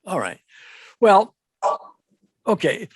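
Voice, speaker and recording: Man gently guiding a visualization, dry sound. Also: sits high, big pitch swings, breathy edge, dry recording. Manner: slow, gentle, repetitive coaching. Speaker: EFT practitioner. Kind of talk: guided imagery therapy session.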